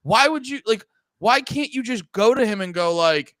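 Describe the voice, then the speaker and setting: A man's voice: high-pitched, moderate pace, dry recording, clean studio sound. A man chatting casually about movies as a podcast co-host, rambling and acting out his reactions. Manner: animated, rambling, acts out what he thought.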